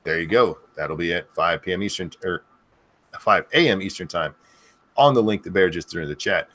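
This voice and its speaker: A man's voice: sits low, quick pace, fairly bright tone. A man hosting a casual online chat show, loose and rambling, thanking his audience and co-hosts. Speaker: podcast host.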